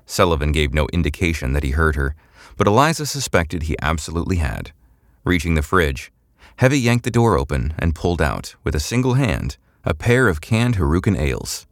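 A man narrating a sci-fi serial audiobook in a measured, even reading. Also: extremely low pitch, no room sound, clean studio sound. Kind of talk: scripted narration.

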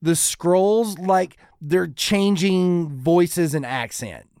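A man co-hosting a casual podcast chat, listing complaints in a quick, halting way. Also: high-pitched, darkish tone, clean tone, dry recording, clean studio sound. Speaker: podcast co-host.

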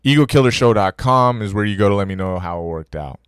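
A man with a fairly low voice hosts a podcast, handing out fitness tips in a loose, energetic way. He talks directly to his listeners like a coach. The sound is dry and close, with no room around it. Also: fast, clean tone, dry recording. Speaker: podcast host. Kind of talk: casual fitness advice monologue.

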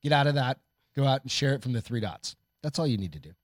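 A man's voice: medium pitch, lively intonation, fast talker, no room sound, clean studio sound. A man co-hosting a live talk stream, laid-back and jokey, swearing often. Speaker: podcast co-host. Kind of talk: casual live-stream chat.

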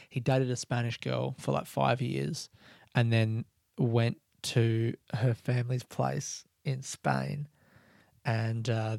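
A man talks low and quiet at home late at night, hosting a solo podcast in a loose, rambling way. His voice has a gravelly, fried edge, recorded dry and close with no room sound. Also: no echo. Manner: talking softly and quietly, rambling. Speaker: comedian podcast host. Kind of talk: casual solo podcast chat. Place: own house, late at night.

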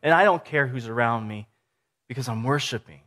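A man's voice: medium pitch, a little fast, a bit bright, natural voice. A man preaching who briefly puts on the voice of a young woman swept up in joyful worship, speaking earnestly and with exclamations.

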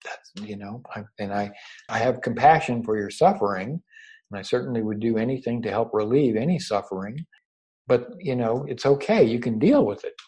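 A man giving a spiritual teaching over a video call, unhurried and gently reassuring, often repeating his words. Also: mid-range voice, slightly rough, poor audio. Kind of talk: meditative spiritual talk. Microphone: own microphone over a video call.

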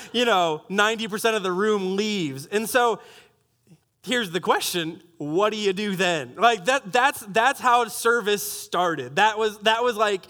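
A young adult man telling a story in a sermon, animated and self-mocking, with many restarts. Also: sits high. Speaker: pastor.

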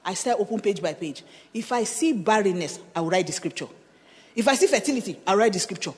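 A woman's voice: medium pitch, fast talker. Nigerian woman pastor preaching in a hall. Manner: animated storytelling, slipping into pidgin, laughing, rising to shouts. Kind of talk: sermon with personal testimony. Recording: reverberant conference hall.

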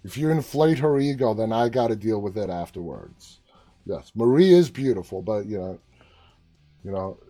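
An American man hosts a live stream in a mellow, mid-range voice, chatting casually. He reads out viewer comments and entertainment news, teases, and often gets sidetracked.

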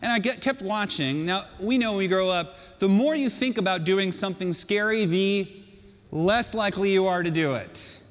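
Male pastor, high voice, animated storyteller, reverberant hall. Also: moderate pace. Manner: storytelling, animated, self-mocking. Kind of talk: sermon.

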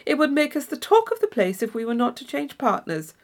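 A woman's voice: high-pitched, big pitch swings, a little fast. Isabella, a woman voicing a gushing young lady. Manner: effusive, theatrical exclamations.

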